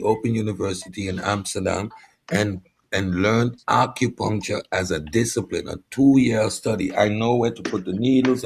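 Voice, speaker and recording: A man's voice: on the low side, gravelly, a little hiss or hum. A man co-hosting a casual commentary talk, arguing his points emphatically. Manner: argumentative, emphatic. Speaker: co-host.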